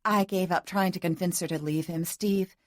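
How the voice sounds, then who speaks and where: A woman's voice: on the low side, steady tone, moderate pace, no echo, lightly acted. A woman voicing an emotional young bride-to-be who sounds pleading and close to tears. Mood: weary. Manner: pleading, tearful.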